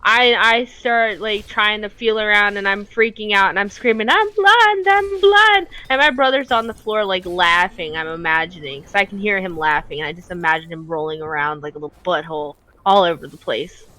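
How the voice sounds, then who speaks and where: A woman's voice: lowish voice, fairly even intonation, a little fast, hardly any pauses, bright, forceful tone, rough recording. A woman streamer in casual chat, telling a story dramatically and giggling often. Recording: dry mic with faint music.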